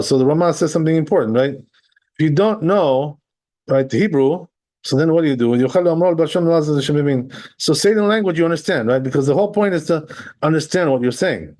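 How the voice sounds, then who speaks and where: A man teaching a religious text class in a casual, talky way. His voice is mellow and dark, never sharp. He reads a line of text, then explains it, and keeps asking "right?" along the way. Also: fairly high pitch. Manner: explains step by step, often checking with "right?"; reads Hebrew and Aramaic text, then translates. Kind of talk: conversational Torah class.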